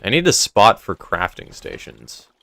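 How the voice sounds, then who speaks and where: A young man with a very deep, low voice, chatting loosely to his stream while he plays. His throat sounds sore, and he rambles from one thought to the next into a desk mic. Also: sing-song, unhurried, pushed and bright. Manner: rambling, talks to chat between game tasks. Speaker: live streamer. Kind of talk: casual live-stream chat while gaming. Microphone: desk mic with noise gate.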